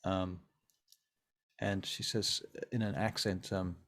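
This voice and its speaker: A man narrating as game master, relaxed and full of fillers. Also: low-pitched, takes it slowly.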